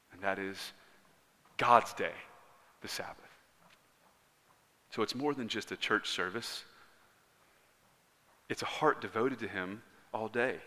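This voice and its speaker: Male pastor, thirties, bright and forceful, earnest sermon delivery, reverberant church hall. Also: mid-range voice, unhurried, long pauses. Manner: earnest preaching, swinging between loud emphatic lines and hushed ones. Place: church sanctuary. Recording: long reverb of a large hall.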